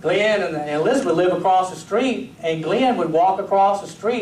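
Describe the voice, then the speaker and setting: Speaking fairly quickly and hardly pausing, a high-pitched male pastor acts out scenes as he tells stories and speaks straight to his congregation. He's heard from a distance in an echoey church sanctuary, with a faint hiss or hum.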